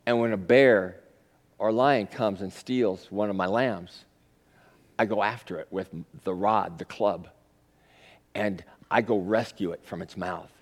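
A man's voice: fairly low pitch, unhurried, voice pushed down. A man voicing a bold, confident young shepherd as he retells a Bible story in a sermon. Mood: calm resolve. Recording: long reverb of a large hall.

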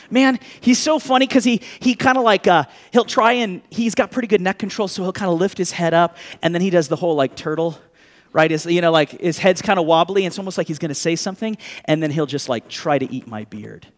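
Man in his 30s, high voice, pastor, conversational sermon, animated and joking. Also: a little fast. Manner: animated, chatty, with asides and jokes to the congregation.

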